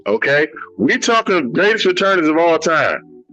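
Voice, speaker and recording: A man's voice: fairly high pitch, big pitch swings, normal speed, dull audio, over loud music. A man co-hosting a sports talk show, making emphatic, informal points in a heated debate.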